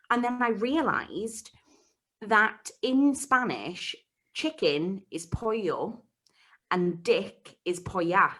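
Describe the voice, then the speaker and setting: A young woman, a podcast co-host, telling a story in casual chat and acting out the voices she quotes. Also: on the high side. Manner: animated, acts out quoted voices. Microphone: home mic, live streamed call.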